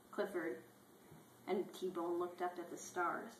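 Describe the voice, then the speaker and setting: A woman reading a children's storybook as an irreverent, deadpan parody. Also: fairly low pitch, slow pace, pauses often, reverberant, poor audio.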